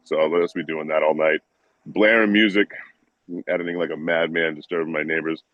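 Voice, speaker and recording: A man's voice: very deep voice, fairly even intonation, brisk, no room sound, highs cut off. A man who is a guest and streamer, chatting casually in a joking, easygoing way. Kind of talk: casual livestream chat.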